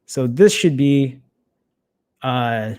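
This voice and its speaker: A man's voice: medium pitch, animated, very slow, a little mellow, smooth. A man hosting a casual tech livestream, rambling and apologizing as he fumbles with photos, muttering and swearing under his breath. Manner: rambling, self-interrupting, apologetic while fumbling with files. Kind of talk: casual live-stream chat.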